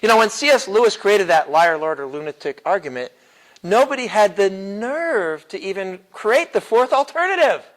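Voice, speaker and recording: A man's voice: high-pitched, sing-song, moderate pace, fairly bright tone, poor audio. A man teaching a church apologetics class in a casual, chuckling way, with many fillers and restarts. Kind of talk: classroom lecture.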